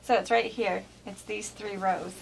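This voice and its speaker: A woman's voice: mid-range voice, fairly even intonation, unhurried, creaky, a little hiss or hum. A woman running a quilt shop, chatting casually and explaining fabric prints during an unboxing. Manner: enthusiastic, explains fabric details. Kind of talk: casual chat while unboxing.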